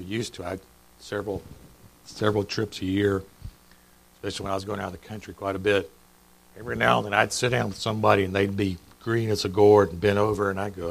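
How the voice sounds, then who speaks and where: A man's voice: on the low side, steady tone, fairly quick, vocal fry, a bit bright, rough recording. A middle-aged man preaching a sermon in a church, chatty and joking, quizzing the congregation. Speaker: pastor. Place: church sanctuary.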